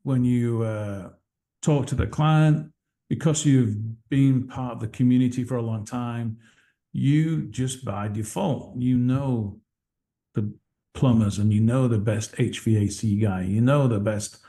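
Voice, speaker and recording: An English man speaking over a video call, his voice mellow and relaxed. He talks in a chatty, self-deprecating way and explains at length. His pitch sits in the middle range. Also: measured pace. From England. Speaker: guest team owner.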